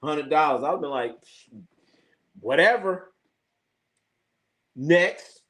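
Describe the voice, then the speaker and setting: Animated, profane man telling stories. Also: a little high, very slow. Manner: animated, profane, laughs often, acts out quoted exchanges. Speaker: live sports show host. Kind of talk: casual live-stream chat, storytelling.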